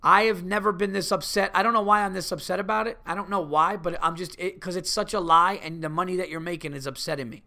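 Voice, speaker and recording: A man with a high, gravelly voice rants on his podcast, loud and profane. His tone is bright and edgy, and he swears through every sentence. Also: fairly even intonation, fast talker, few pauses. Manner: profane, heated ranting. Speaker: podcast host. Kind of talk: solo podcast rant.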